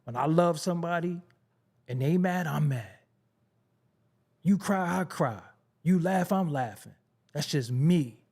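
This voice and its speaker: Blunt, animated male show host. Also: a little slow, long pauses. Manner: blunt, swings from low mutters to high incredulous outbursts. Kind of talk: casual commentary monologue.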